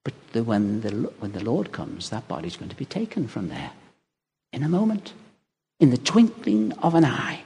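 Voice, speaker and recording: A man preaching a sermon in a church, telling stories in a lively way and chuckling as he goes. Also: medium pitch, normal speed, a little hiss or hum. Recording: long reverb of a large hall.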